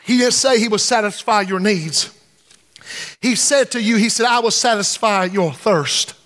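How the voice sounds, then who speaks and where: A man preaching a sermon as pastor, impassioned, stretching some phrases slowly and letting others swell. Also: high voice, a bit bright, some chatter behind. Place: church sanctuary. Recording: long reverb in a large hall.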